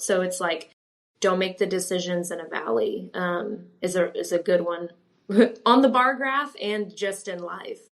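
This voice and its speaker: A woman's voice: fairly low pitch, a little slow. A woman financial planner, a guest on a podcast, explaining and advising with many fillers. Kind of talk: casual interview conversation.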